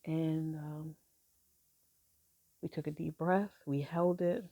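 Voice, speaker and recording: A middle-aged woman with a gravelly, mellow voice tells a personal story. She speaks softly and haltingly, pausing often between thoughts, and the sound is close and dry. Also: sits low, little pitch movement, no room sound. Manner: halting, soft-spoken, with many pauses and fillers. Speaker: grieving mother sharing her story.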